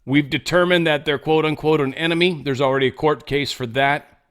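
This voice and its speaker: A man's voice: a little high, steady tone, fairly quick, a bit bright. A man hosting a podcast, giving casual commentary in a sarcastic, rambling way and swearing often. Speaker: podcast host.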